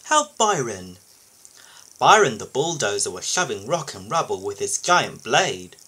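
A man reading a children's picture book aloud for his video channel, expressive and lively. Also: on the low side, normal speed, slightly rough, rough recording. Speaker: YouTube storybook reader.

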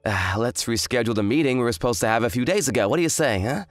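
A man's voice: mid-range voice, lively intonation, rapid-fire, no echo, faint music behind, natural voice. A man voicing an arrogant, hungover young fiancé who talks in a smug, dismissive drawl. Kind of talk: dramatized story voice acting.

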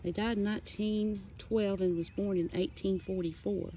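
A woman's voice: medium pitch, steady tone, normal speed, warm tone, a little hiss or hum, poor audio. A woman walking through a cemetery, reading out names and dates from headstones in casual narration, slightly out of breath. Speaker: cemetery vlogger. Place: outdoor rural cemetery. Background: birds and outdoor ambience.

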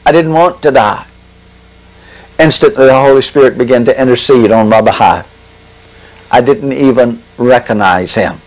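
A man giving a testimony sermon, preaching dramatically with long pauses and slow, stressed phrases. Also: mid-range voice, darkish tone, rough recording.

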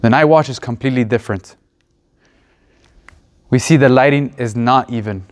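A man's voice: mid-range voice, moderate pace. Earnest young man giving a mock tour. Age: young adult. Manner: conversational and earnest, with restarts and uh fillers. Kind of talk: classroom presentation as a mock tour guide.

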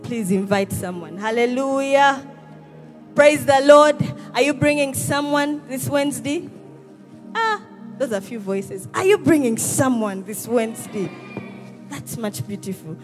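A woman's voice: on the high side, expressive, measured pace. A woman hosting a church service, rousing the congregation with calls and responses. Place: church hall with live congregation. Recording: church service with music behind. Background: music.

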